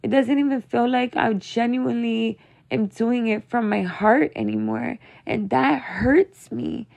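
A woman's voice: fairly high pitch, a little slow, creaky, darkish tone, lo-fi sound. A young woman talking to her viewers as a mother, venting in a casual, rambling, emotional way, full of "like" and "you know.". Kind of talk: casual confessional monologue.

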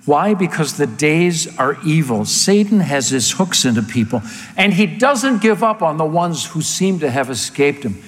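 A man's voice: on the high side, sing-song, normal speed, big-room sound. A man preaching a sermon as pastor, emphatic and firing off rhetorical questions, getting worked up at times.

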